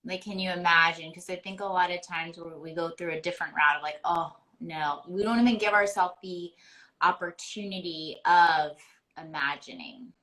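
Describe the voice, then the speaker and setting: A woman's voice: fairly low pitch, normal speed, a bit bright, low-quality recording. A woman hosting a podcast interview, reflecting on her guest's words and affirming them. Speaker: podcast host and performance coach. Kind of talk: casual interview conversation.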